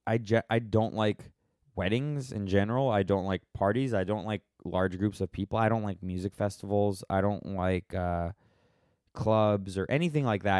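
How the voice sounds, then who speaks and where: A somewhat low-pitched American man talks casually on his own podcast, wandering from thought to thought and often cutting himself off mid-sentence. His tone is wry and offhand. The sound is close and dry, with no room around it. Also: darkish tone, clean tone, no echo. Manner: rambling, self-interrupting, wry. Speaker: podcast host answering questions. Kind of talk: casual solo podcast chat.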